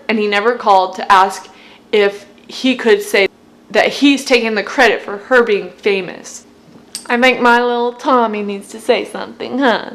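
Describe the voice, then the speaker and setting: Bubbly woman vlogger, slightly high. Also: fairly bright tone. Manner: bubbly, gushing fan enthusiasm. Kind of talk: casual chat breaking down song lyrics.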